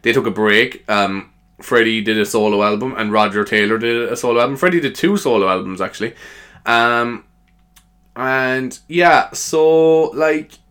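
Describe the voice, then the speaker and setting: A man's voice: mid-range voice, moderate pace, fairly bright tone, smooth. Guy rambling on his own, chatty, laughs at his own ideas, mid voice. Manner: chatty, self-amused, lots of fillers and laughs. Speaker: podcaster. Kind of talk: rambling solo chat.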